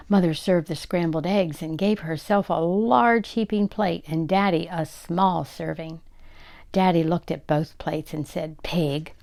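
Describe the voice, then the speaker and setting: An older woman reading a children's story aloud, expressive and giving the characters their own voices. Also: on the low side, vocal fry.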